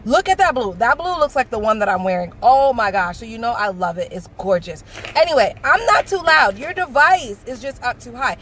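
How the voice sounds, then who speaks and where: A woman from the Bronx, loudly and gushingly unboxing a nail kit in a sing-songy voice. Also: on the high side, expressive, a little fast, background noise. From the Bronx, New York. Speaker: nail beauty vlogger. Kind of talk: excited product unboxing.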